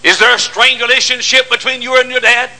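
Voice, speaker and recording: An older man preaching a sermon, swinging from shouts to hushed storytelling. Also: very high voice, level tone, brisk, rough recording.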